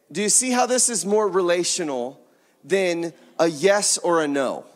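A man with a high-pitched voice delivers a sermon, earnest and conversational. He slips into little acted exchanges as he talks. The sound hangs in a long, echoing hall. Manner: earnest, conversational, acts out dialogue. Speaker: pastor.

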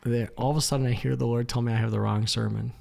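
A man, a missionary guest in an interview, telling a lively story with lots of "like" and acted-out quotes. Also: medium pitch, fast talker, vocal fry. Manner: animated storyteller, acts out quoted lines, frequent "like".

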